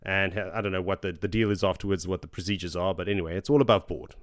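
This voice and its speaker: A man co-hosting a book podcast, recapping chapters in casual chat and acting out characters' lines in quick voices. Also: low voice, fairly even intonation. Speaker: podcast co-host.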